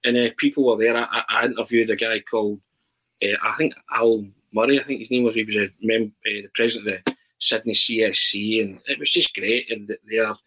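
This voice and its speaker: A man, a podcast guest chatting casually and telling animated stories with many restarts. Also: fairly low pitch, brisk, poor audio. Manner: animated storyteller, frequent restarts. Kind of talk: casual chat.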